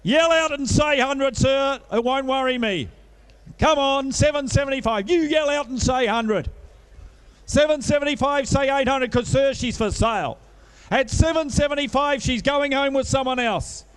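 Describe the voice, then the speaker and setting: A man working as an auctioneer, calling a live sale with a rapid-fire bid chant broken by coaxing sales patter. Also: very high-pitched.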